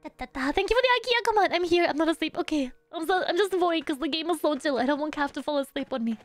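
A young woman VTuber streams a game, bantering playfully with viewers and humming little tunes between her lines. Her voice sits high and she speaks fast. The recording is dry, with faint music behind her.

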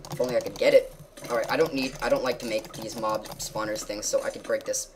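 A woman giving casual gameplay commentary, excitable, jumping from loud yelps to quiet mutters. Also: a bass voice, fast, a little hiss or hum. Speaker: gamer.

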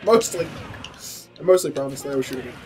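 A man commentating a fighting game with friends, excitable and quick to yelp and laugh. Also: medium pitch, soft background music. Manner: excitable, yelps and laughs often. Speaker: let's play commentator. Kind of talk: casual gaming banter.

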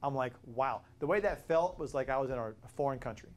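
A man from Florida teaching an informal Bible study, conversational and animated, asking rhetorical questions and often restarting his words. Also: mid-range voice, quick pace. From Florida, USA. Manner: repeats and restarts words while thinking.

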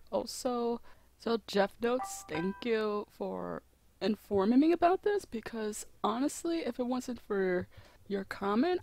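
An excitable woman vlogger talks straight to her viewers in a gushing, unscripted way, exclaiming between thoughts. Her voice sits at a middling pitch and is recorded close up, with almost no room sound. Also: vocal fry, dry recording. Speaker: animation YouTuber.

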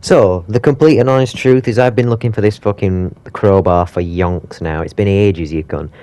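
A man doing horror game commentary, swearing a lot and sounding exasperated and excitable. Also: fairly low pitch, normal speed. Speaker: gaming YouTuber.

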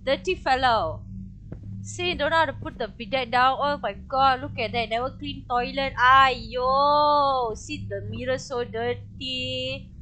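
A woman's voice: sits high, normal speed, fairly bright tone, slight background noise. A young woman, chatting through her own gameplay as a streamer and talking to her viewers. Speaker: game streamer. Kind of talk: live gameplay commentary.

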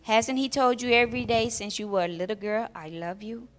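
A woman voicing a nanny who speaks firmly but gently and patiently while reading a children's story aloud. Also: fairly high pitch, steady tone, fairly quick, close to an everyday voice. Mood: firm, gentle. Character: gentle but firm older female nanny.

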